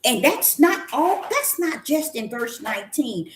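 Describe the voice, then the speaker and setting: A woman prophetess preaching to her listeners, emphatic and colloquial, with repeated, drawn-out stresses. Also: high voice, very animated. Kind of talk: preaching to an audience. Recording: echoey room with faint noise.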